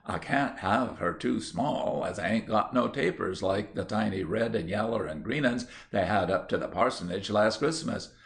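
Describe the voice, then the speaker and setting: A man's voice: fairly low pitch, animated, normal speed, gravelly, few pauses. A man doing a shy rustic young countrywoman. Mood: earnest. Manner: rustic old-fashioned dialect speech.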